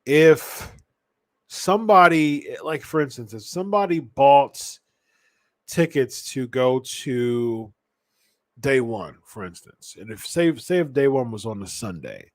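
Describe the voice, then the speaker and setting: A man's voice: mid-range voice, expressive, takes it slowly, dry recording. Rambling male podcast host, dry sound. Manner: rambling, with frequent restarts and self-corrections. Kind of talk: casual wrestling commentary.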